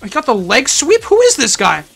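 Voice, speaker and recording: A young adult streamer giving casual, excitable gaming commentary full of exclamatory reactions. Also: high-pitched, brisk, vocal fry, soft background music.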